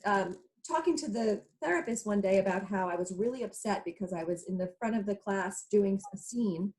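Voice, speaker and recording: A woman in her thirties co-hosts a casual talk show, chatting her way through a personal story and acting out what people said. Her voice is medium in pitch, and the audio quality is poor.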